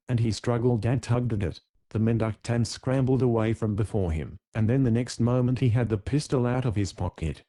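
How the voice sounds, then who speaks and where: A man reading an audiobook in steady, measured scripted narration. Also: mid-range voice.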